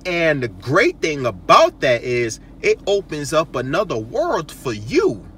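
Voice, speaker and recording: A male host talks through casual advice in an emphatic, repetitive way, with a slow pace and a bright, lively voice that rises and falls a lot. The mic sits a little distant, and faint noise hums behind him. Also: a little high. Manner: emphatic, keeps checking in with "okay?" and "right?".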